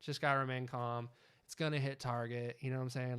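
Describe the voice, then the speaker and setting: Guy hosting a live trading stream, casual and hyped, smooth clear voice, mid pitch. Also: a little fast. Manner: chatty, excitable, keeps asking "you know what I'm saying".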